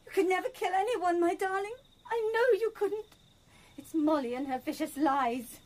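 A woman's voice: very high voice, moderate pace, darkish tone. An actress playing a devoted, infatuated woman in a radio drama, fervent and breathless. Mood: adoring.

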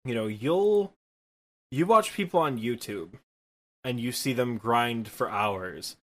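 A man's voice: medium pitch, expressive, slow. A man in his twenties from Michigan with a Midwestern accent, co-hosting a casual gaming podcast from his apartment, rambling and self-deprecating. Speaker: podcast co-host and streamer.

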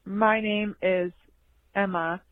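A woman's voice: medium pitch, steady tone, slow, dry recording. A woman in her twenties calling in to ask for advice, in a recorded voice message. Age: 20s. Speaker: caller. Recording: phone-like lo-fi audio.

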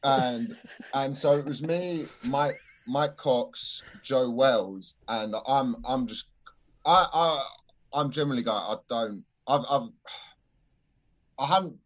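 A man's voice: medium pitch, slow. A man, a stand-up comedian telling a gig story in casual podcast chat, swearing freely and laughing often.

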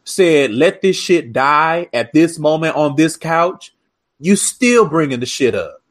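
A man's voice: a little high, lively intonation, takes it slowly. A man co-hosting a casual recap chat, talking in a sassy, emphatic and profane way. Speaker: podcast co-host.

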